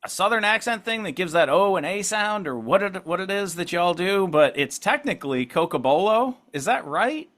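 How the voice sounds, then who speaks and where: A man hosting a podcast interview in casual chat, upbeat, laughing often and talking in quick bursts. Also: high-pitched, lively intonation, pushed and bright. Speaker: podcast host.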